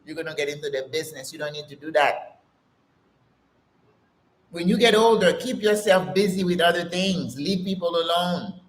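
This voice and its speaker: A woman's voice: lowish voice, normal speed, long pauses, echoey room. A woman in her sixties hosting her own channel, giving an emphatic, preachy motivational talk and calling her listeners sis. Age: 60s. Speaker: channel host. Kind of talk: casual motivational talk to camera.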